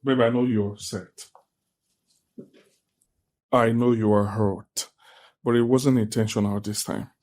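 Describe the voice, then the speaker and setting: An actor with a Nigerian accent playing a weary husband who pleads with his wife to calm down and defends himself. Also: fairly low pitch, measured pace, pauses often, natural voice. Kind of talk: Nigerian film drama acting.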